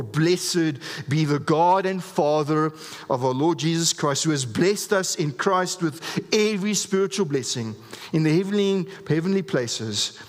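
A man with a slightly raised pitch delivers an earnest, emphatic sermon, pressing his points and stumbling into quick restarts. His voice rings out with a long reverb trailing behind it, as in a large hall. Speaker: pastor.

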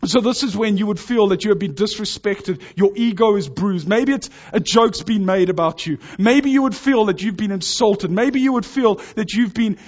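Earnest high-voiced preacher, dull lo-fi sound. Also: male voice, normal speed, few pauses, a little mellow. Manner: earnest, urging, builds in intensity. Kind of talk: sermon.

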